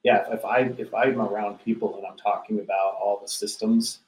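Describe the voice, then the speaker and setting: A man's voice: lowish voice, flat delivery, fairly quick, echoey room, low-quality recording. A man hosting a casual business talk, earnest, often repeating words as he starts a sentence. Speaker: podcast host.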